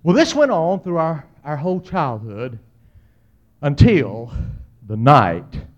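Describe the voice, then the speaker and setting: A middle-aged man delivers a humorous storytelling sermon, swinging dramatically between loud outbursts and hushed asides. His voice is on the high side and animated, his pace slow, and the audio dull.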